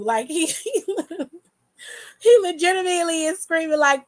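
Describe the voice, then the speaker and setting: A young woman giving casual, animated commentary on wrestling news, swearing freely and laughing often. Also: very high voice, moderate pace.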